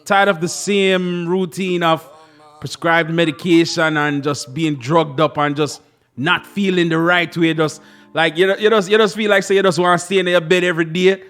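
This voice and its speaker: High, bright Caribbean-accented radio host. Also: male voice, fairly even intonation, faint music behind. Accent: Caribbean English. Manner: chatty and jovial, repeats a phone number slowly. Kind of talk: casual radio talk with ad reads. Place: radio studio.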